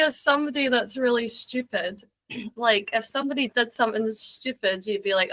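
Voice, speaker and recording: A woman's voice: a little high, normal speed, sharp tone. A young woman with a Scottish accent, a guest explaining slang in a casual interview, often giggling. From Scotland. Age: young adult.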